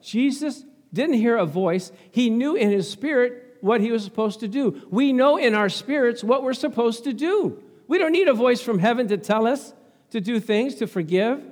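Lively laughing preacher with high pitch. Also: male voice, normal speed. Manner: laughing, animated, talks back to the congregation. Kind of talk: sermon. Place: church. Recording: long church reverb.

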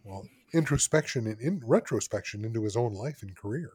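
Man, podcast co-host, casual chat, agreeable, animated pitch, dry. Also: fairly quick, husky, no echo.

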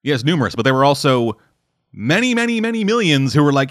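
A man's voice: fairly high pitch, sing-song, fast talker, no echo, studio quality. Rambling, profane casual man. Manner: rambling, swearing, lots of fillers. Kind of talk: casual chat.

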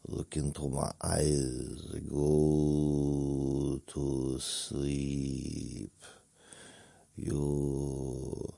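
A man voicing a hypnotic male vampire, slow and menacing, in a hushed tone. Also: a bass voice, completely flat delivery, creaky, dry recording, full character voice.

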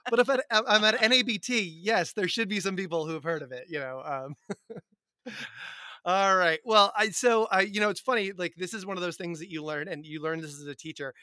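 A man's voice: high voice, normal speed, sharp tone, no room sound, studio quality. A man hosting a teachers' podcast, chatting casually, joking at his own expense and laughing often. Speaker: podcast host.

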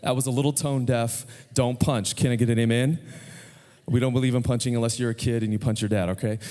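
Male pastor, 30s, American, chatty anecdotal sermon delivery, mid pitch, long church reverb. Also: steady tone, fast, dark tone. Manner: conversational, storytelling preacher who asks the crowd questions. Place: church sanctuary.

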